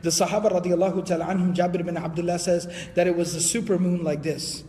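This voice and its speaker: A man giving an Islamic history lecture, telling the story in a lively way and quoting Arabic before translating it. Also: high voice, quick pace, long reverb tail, slight background noise.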